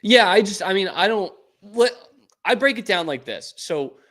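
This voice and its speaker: A man's voice: high-pitched, moderate pace. Opinionated young man with faint Boston accent. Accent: mild Boston, mostly suppressed. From Boston area. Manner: animated, opinionated, lots of fillers. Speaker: sports show host. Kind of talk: casual chat.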